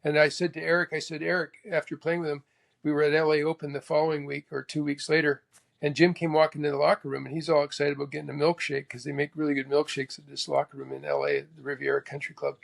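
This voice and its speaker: A man from Canada, a former tour golfer, telling stories as a guest in a lively, casual way, acting out quotes with sudden exclamations. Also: on the high side, fast talker, gravelly. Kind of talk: casual storytelling.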